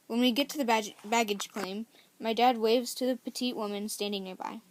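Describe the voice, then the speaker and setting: A woman's voice: on the high side, moderate pace, noisy background. Woman reading a novel aloud. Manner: casual, self-correcting, chatty asides. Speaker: story reader.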